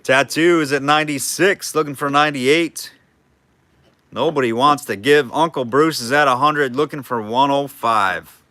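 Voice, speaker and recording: Male auctioneer for a live online sale, chatty and jokey, bright forward voice, calls bids in between banter. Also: mid-range voice, moderate pace, dry recording. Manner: chatty, jokey, reads out bids and names viewers.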